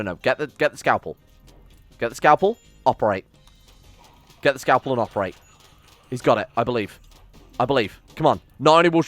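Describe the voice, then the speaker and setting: A man giving excitable let's-play commentary, swearing and bossing his colonists around, with faint music behind him. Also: medium pitch, dry recording. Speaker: game streamer.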